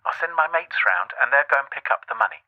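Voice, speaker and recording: A man's voice: medium pitch, expressive, fast talker, muffled recording. A man voicing a young male phone scammer who pleads and wheedles while posing as someone's grandson. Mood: wheedling.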